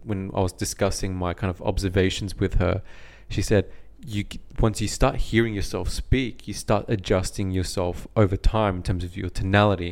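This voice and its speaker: A man's voice: low voice, darkish tone. A young Australian man co-hosting a podcast, chatting casually and reflectively, often repeating himself as he thinks. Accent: neutral Australian. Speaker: podcast co-host. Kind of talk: casual chat.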